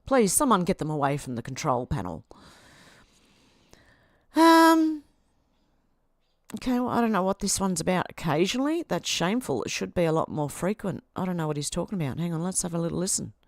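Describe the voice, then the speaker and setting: A woman's voice: fairly low pitch, animated, quick pace, hardly any pauses, no room sound, studio quality. An Australian woman hosting a livestream, reading social media posts aloud and answering them with sarcastic asides. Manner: sarcastic, talks back at posts. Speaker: livestream host.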